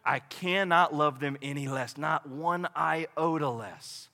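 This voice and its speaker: Animated preaching man, bright tone. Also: a little high, takes it slowly, long reverb tail. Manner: animated, conversational preaching with dramatic quoted voices. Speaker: pastor. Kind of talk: sermon.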